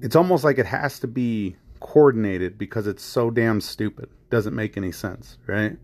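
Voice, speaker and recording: A man's voice: fairly low pitch, normal speed, darkish tone. A man hosting a podcast, talking in a heated, rambling way, repeating phrases, swearing and filling with "you know" and "I mean". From United States. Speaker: podcast host. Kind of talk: casual chat.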